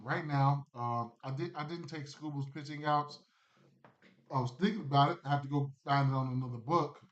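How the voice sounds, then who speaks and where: A man at an ordinary middle pitch talks loosely through his betting picks on a livestream. He rambles, restarts often and fills gaps with ums. The sound is dull and lo-fi. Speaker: sports betting streamer. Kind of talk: casual livestream chat. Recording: dull lo-fi stream audio.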